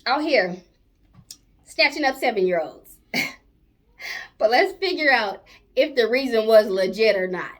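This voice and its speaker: A woman's voice: a little high, lively intonation, unhurried, pauses often. A woman hosting a commentary channel, greeting viewers in a chatty, playful way. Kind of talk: casual commentary.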